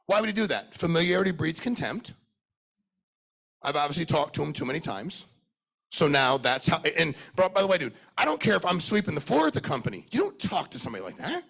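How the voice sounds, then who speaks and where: A middle-aged man giving a blunt, profane, high-energy sales talk to a live conference audience, questioning people in the crowd. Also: gravelly, a bit bright, breathy edge. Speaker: sales trainer speaking at a conference.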